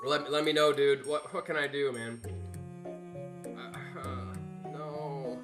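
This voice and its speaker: A man's voice: mid-range voice, fairly even intonation, takes it slowly, over loud music. A man commentating his live speedrun, nervous and apologetic, stammering and restarting his sentences.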